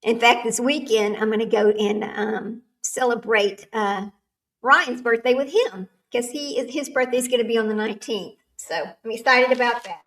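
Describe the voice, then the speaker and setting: A woman's voice: fairly high pitch, normal speed, fairly bright tone. Chatty older woman streaming, echoey room. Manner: chatty, rambling, laughs often. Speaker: livestream host. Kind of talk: casual chat with live chat. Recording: echoey room, far from the mic.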